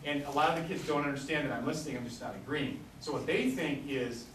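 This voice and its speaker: A man's voice: medium pitch, fast talker, fairly bright tone, a little hiss or hum. A man giving a conference talk, telling anecdotes and acting out the dialogue as he goes. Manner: storytelling, acts out quoted dialogue. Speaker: symposium speaker. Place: lecture room. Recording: echoey room, distant mic.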